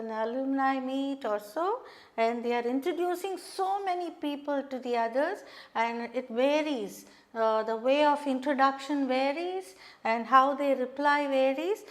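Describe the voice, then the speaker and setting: A woman with an Indian English accent teaching an English lesson, reading dialogue aloud and demonstrating intonation patiently. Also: high voice. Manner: slow and patient, stresses rising and falling tones to demonstrate intonation.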